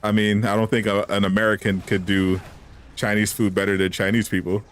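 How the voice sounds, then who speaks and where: A man's voice: fairly low pitch, level tone, fairly quick. A man chatting casually on a live stream, answering viewers with teasing banter and frequent laughs. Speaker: gaming streamer.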